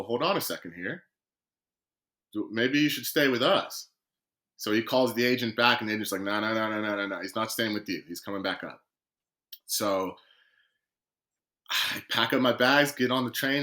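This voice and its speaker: A man, a guest footballer on a podcast, telling his story in a lively way and acting out what other people said. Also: on the low side. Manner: lively storyteller who acts out quoted dialogue.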